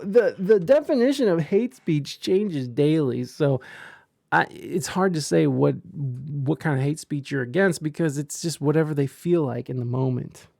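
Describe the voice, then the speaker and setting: A man's voice: fairly high pitch, gravelly, mellow, no echo, clean studio sound. A man hosting a podcast, rambling through casual commentary with stumbling restarts and crude jokes. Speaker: podcast host reading chat.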